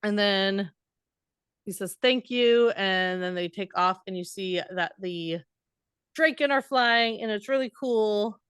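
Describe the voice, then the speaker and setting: A woman co-hosting a podcast, retelling a fantasy novel in a loose, animated way and laughing along. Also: medium pitch, takes it slowly, clear, resonant tone, dry recording, clean studio sound. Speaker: podcast co-host. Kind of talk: casual book discussion.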